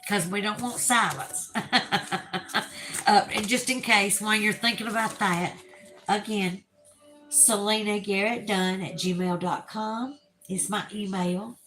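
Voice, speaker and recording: A woman's voice: mid-range voice, steady tone, unhurried, a bit bright, faint music behind, low-quality recording. A woman with a Southern US accent hosting a casual livestream, reading viewer comments aloud in a chatty way and laughing often. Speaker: livestream host.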